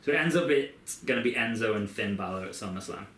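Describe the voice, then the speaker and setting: A man's voice: on the low side, animated, quick pace, fairly bright tone, a little hiss or hum. A man co-hosting a podcast, rambling as he tells a long scenario in casual chat. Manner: rambling, storytelling play-by-play. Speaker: podcast co-host. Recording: echoey room.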